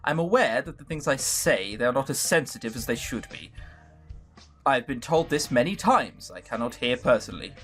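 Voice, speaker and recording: A man's voice: mid-range voice, animated, moderate pace, a bit bright, faint music behind, pitched below the performer's own voice, lightly acted. A man voicing a cold, snobbish rich male businessman in a visual novel, with formal, clipped diction.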